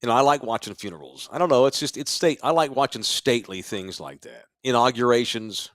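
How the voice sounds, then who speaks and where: A man's voice: mid-range voice, brisk, fairly bright tone, no echo. Rambling middle-aged man, dry studio sound. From Texas. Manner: loose, rambling storyteller. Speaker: podcast co-host. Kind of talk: casual sports-bar podcast chat. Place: podcast studio in a sports bar.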